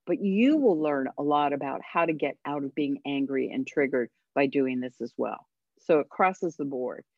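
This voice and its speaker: A woman's voice: extremely low pitch, moderate pace, a little mellow, dry recording, highs cut off. A woman parenting coach giving earnest, encouraging advice as a guest on a radio interview. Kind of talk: radio interview over a call line.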